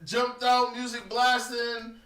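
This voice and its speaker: A man on a podcast telling a street story in casual chat, animated and cutting in with "listen" to keep the floor. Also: extremely high pitch, slow pace, reverberant, recorded from a distance.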